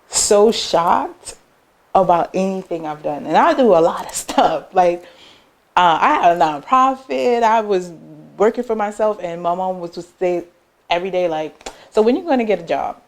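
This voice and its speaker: Animated woman telling a personal story, slightly low-pitched. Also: measured pace. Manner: animated, acts out family members' words in quoted voices; loose conversational phrasing with frequent "like" and "um". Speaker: business owner interviewed about her clothing line.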